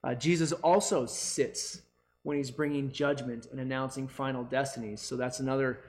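A man preaching a sermon in an earnest, emphatic way, with deliberate pauses and repetition. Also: medium pitch, fairly even intonation. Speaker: pastor.

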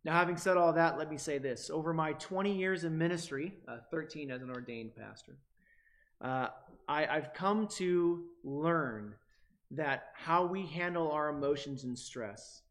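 A man in his forties preaching a sermon as a pastor, emphatic and rising loud on key words, with frequent restarts. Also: mid-range voice.

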